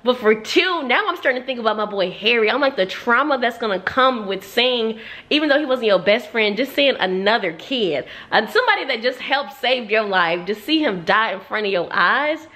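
A woman's voice: fairly high pitch, moderate pace. A woman chatting casually in a reading reaction vlog, exclaiming and cursing as she talks to her viewers. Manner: animated, profane, exclamatory chatter addressed to viewers. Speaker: book vlogger.

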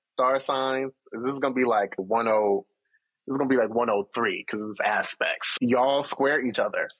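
A man's voice: mid-range voice, moderate pace, a bit bright, breathy edge, low-quality recording. A man, a therapist, talking in a casual chat with a confident, teasing, explanatory manner. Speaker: therapist, guest.

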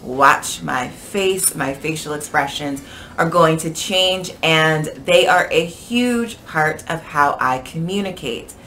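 An American woman teaching an English pronunciation lesson, speaking clearly with expressive, lively intonation. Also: deep voice, takes it slowly, a little hiss or hum.

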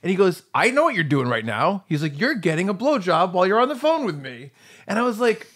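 A man's voice: high-pitched, very animated, fast talker, fairly bright tone, husky. A man co-hosting a podcast, telling an anecdote with acted-out quotes and giggles. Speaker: podcast co-host. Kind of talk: casual storytelling.

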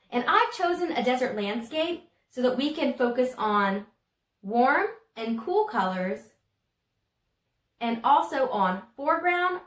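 A woman's voice: high-pitched, fairly bright tone. A woman art teacher with a Southern US accent, giving a friendly home video art lesson for children and explaining as she draws. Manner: friendly, chatty, explains while drawing. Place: home room. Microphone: phone camera.

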